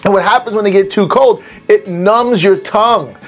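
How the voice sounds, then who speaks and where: A man's voice: high voice, normal speed, faint music behind. A man hosting a cocktail recipe video, talking casually and playfully with rambling asides. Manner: chatty and playful, rambling asides, silly mock voices. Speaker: cocktail channel host. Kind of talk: casual recipe talk to camera.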